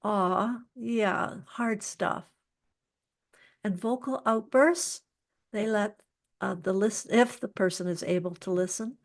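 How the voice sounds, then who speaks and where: A woman presenting an online workshop over a video call, speaking gently and soothingly, sometimes dropping to a soft whisper. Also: a little high.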